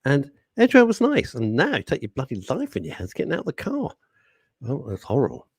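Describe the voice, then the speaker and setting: A man's voice: medium pitch, wildly swooping pitch, fast talker, gravelly, breathy edge, no room sound. A man co-hosting a radio show in casual banter, teasing his partner and reading out listener messages. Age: older. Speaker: radio co-host. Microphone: studio microphone.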